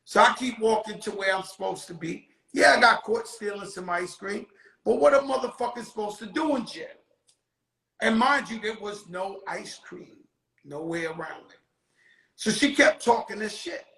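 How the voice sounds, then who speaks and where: A man telling a profane anecdote in an animated way, with bursts of shouting. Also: sits high, moderate pace, gravelly, roomy sound, poor audio. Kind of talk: storytelling anecdote.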